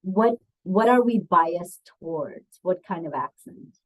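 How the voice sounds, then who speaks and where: Leading a webinar about bias, a woman who trains people on diversity and bias talks in a chatty way, often saying um and putting questions to listeners. She has a fairly low, animated voice and speaks slowly, captured in a rough recording.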